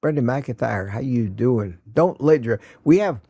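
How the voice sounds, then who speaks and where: Male morning stream host, gravelly and unhurried, folksy and chatty, greets viewers by name, dry close sound. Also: medium pitch, animated, dark tone, no echo. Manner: folksy and affectionate, laughs often. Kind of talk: casual live stream chat, reading viewer comments aloud.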